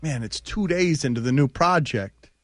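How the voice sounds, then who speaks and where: A man with a fairly high voice hosts a sports radio show, riffing in an animated way and throwing out rhetorical questions. His voice is close and dry on a studio microphone. The banter is loose and energetic. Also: moderate pace, no room sound.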